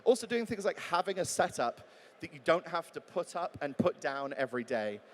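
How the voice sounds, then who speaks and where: Man, slightly high voice, joking conference talk, long hall reverb. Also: very animated, moderate pace, a bit bright. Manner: chatty and joking, acts out example readings. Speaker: voice actor giving a talk. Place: large talk venue.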